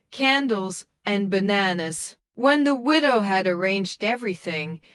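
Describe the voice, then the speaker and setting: Female folktale narrator, slow and careful, dry close-mic sound. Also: mid-range voice, a bit bright, no echo.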